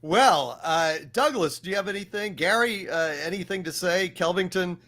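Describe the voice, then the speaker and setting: A man with a high-pitched voice hosts a live pop culture panel show. He runs the talk with a wry, sarcastic edge. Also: normal speed, fairly bright tone. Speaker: host.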